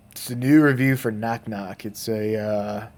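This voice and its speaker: A man giving a casual spoken movie review, rambling and profane, with lots of fillers and quick mimicked quotes. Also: on the low side.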